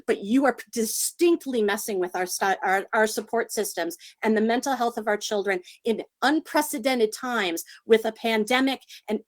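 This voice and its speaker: Impassioned woman parent at a meeting. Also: a little high. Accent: Chicago. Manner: impassioned, emphatic, repeats herself. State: emotional. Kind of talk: public comment at a school council meeting.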